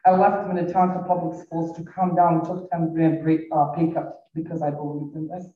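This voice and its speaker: A man's voice: a little high, little pitch movement, moderate pace. A middle-aged man with a foreign accent, a school staff member responding at a community forum in a personal, rambling storytelling way. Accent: foreign accent, non-native English. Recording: echoey hall, distant dull mic.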